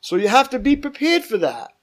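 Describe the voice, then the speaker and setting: Man, pastor, very high voice, emphatic, asks the room questions. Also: huge pitch swings, brisk, a bit bright. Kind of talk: bible study teaching.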